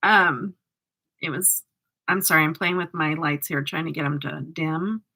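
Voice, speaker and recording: A woman's voice: low-pitched, moderate pace, sharp tone. A woman chatting casually with live viewers as a makeup vlogger, teasing and laughing often.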